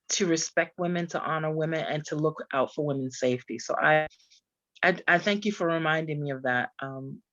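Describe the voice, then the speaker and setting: A woman's voice: deep voice, no room sound. A woman coach speaking earnestly in a panel discussion over a video call. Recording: dry, dull lo-fi audio.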